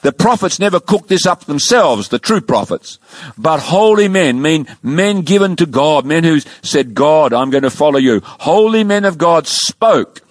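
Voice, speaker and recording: A middle-aged man preaching a sermon, retelling a story with acted-out quotes and dropping his voice low for solemn points. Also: measured pace, no room sound. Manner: animated, acts out quotes with raised pitch, drops low for solemn points.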